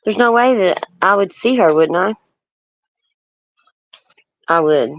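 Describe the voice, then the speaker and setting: A livestream host in casual talk, speaking earnestly and firmly about setting boundaries, halting often with ums and restarts. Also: medium pitch, expressive, no echo. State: nervous. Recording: dull lo-fi stream audio.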